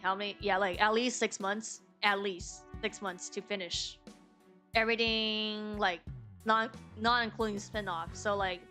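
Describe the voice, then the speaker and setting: A woman's voice: medium pitch, steady tone, unhurried, sharp tone. A woman streaming a game, chatting casually in a rambling way full of "like" while she keeps hiccuping. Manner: rambling, many "like" fillers. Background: game music.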